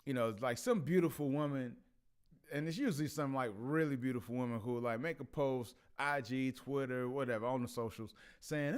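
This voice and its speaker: A man's voice: medium pitch, moderate pace, clear, resonant tone. A man hosting a casual commentary vlog who laughs often and stammers through restarts. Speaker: vlog host.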